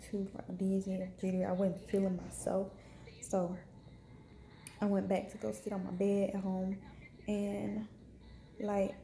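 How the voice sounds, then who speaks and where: A woman's voice: mid-range voice, warm tone, roomy sound, a little hiss or hum. A young woman vlogger telling a story to camera in a frank, chatty way with many fillers. She is unwell and in pain. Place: hospital room.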